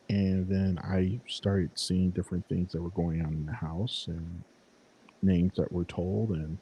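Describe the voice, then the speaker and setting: A man in casual chat, rambling in a relaxed way about his paranormal investigations, with casual swearing. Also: sits low, slight background noise, low-quality recording.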